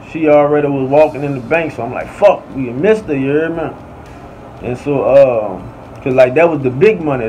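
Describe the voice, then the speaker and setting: Telling a story on a podcast, this man's medium-pitched, darkish voice carries a New Orleans accent, heavy slang and a constant "you hear me". A faint air conditioning hum runs under the slightly dull audio.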